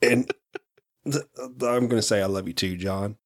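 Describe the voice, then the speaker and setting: A man's voice: fairly low pitch, huge pitch swings, moderate pace, gravelly. A man co-hosting a podcast, hesitant with fillers and prone to crude jokes. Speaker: podcast co-host. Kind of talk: casual chat.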